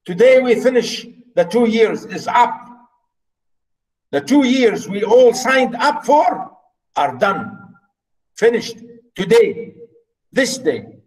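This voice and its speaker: A man's voice: a little high, lively intonation, a little slow, darkish tone, roomy sound, recorded from a distance, rough recording. A man with Arabic as his first language reading aloud the lines of an angry, weary male ship's steward, raising his voice in complaint. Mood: fed up.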